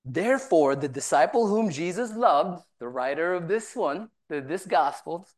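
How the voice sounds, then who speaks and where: A woman's voice: fairly low pitch, lively intonation, normal speed, darkish tone. A woman teaching from the Bible, reading verses aloud and retelling them in casual everyday talk. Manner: reads scripture then paraphrases it in casual voiced asides.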